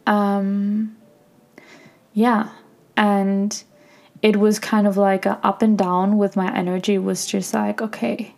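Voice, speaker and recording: A young woman hosting her own podcast, talking reflectively and softly in a personal monologue, with many fillers like "like". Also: medium pitch, little pitch movement, slow, creaky, pauses often. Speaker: podcast host.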